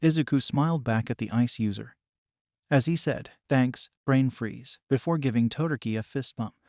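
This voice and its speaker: A man's voice: medium pitch, a little fast, a little mellow, no echo. Man reading a story in a dry voice. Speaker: narrator. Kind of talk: scripted narration.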